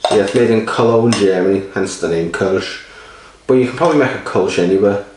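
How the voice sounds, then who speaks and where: A man's voice: on the low side, quick pace, background noise. A man rambling casually and swearing while reviewing a beer, a little sleepy. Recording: roomy echo, mic at a distance.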